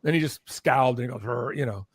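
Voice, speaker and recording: Older man telling a lively story. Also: medium pitch, fast, breathy edge, no room sound, clean studio sound. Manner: animated, acts out quoted voices, keeps checking in with "okay?". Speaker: podcast guest, former record executive. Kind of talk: anecdotal storytelling in conversation.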